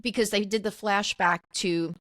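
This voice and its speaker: A woman's voice: mid-range voice, steady tone, moderate pace, fairly bright tone, no echo. Gushing woman podcast co-host. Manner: emotional, gushing. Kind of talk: casual chat.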